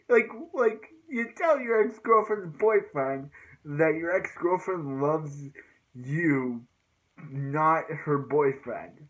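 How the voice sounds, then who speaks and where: A man's voice: on the high side, lively intonation, takes it slowly, a bit bright, muffled recording. A man casually recapping TV fight scenes, rambling with filler words and sound effects. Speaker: show recap vlogger.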